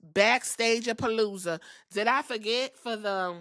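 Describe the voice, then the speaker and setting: A woman's voice: a little high, measured pace, a bit bright. A woman hosting a podcast, recapping in slangy, profane, gossipy storytelling. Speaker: podcast host reviewing wrestling. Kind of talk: casual recap.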